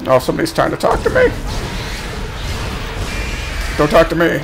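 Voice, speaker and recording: A man streaming a horror game, swearing, laughing and yelling at enemies. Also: on the high side, huge pitch swings, moderate pace, creaky. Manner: crude, jumpy, swearing, laughing. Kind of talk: live gameplay commentary. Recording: game music behind. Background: horror game music.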